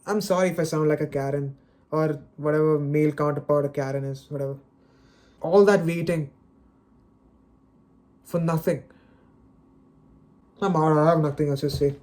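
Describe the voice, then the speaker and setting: A man's voice: fairly high pitch, steady tone, moderate pace, long pauses, darkish tone. A man ranting unscripted on camera, exasperated and dejected, sighing and stammering over repeated words. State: dejected and frustrated. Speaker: video creator. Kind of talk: unscripted solo rant.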